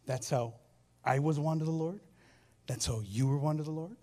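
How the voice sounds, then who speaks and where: A man preaching a sermon as pastor, telling stories with repeated phrases and swinging between loud and soft delivery. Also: fairly high pitch, normal speed. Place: church sanctuary.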